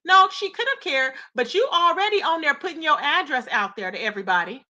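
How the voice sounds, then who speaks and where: A woman's voice: high-pitched, lively intonation, fairly quick, sharp tone. A woman hosting a live gossip commentary stream, reacting with incredulous rhetorical questions and greeting her chat. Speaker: commentary channel host.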